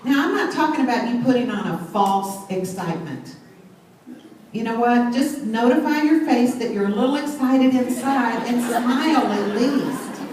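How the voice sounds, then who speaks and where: A woman's voice: on the high side, moderate pace, darkish tone, distant mic. A middle-aged woman, telling an enthusiastic story to a crowd at a sales event. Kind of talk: motivational talk on stage. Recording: very echoey hall, mic set back, faint noise.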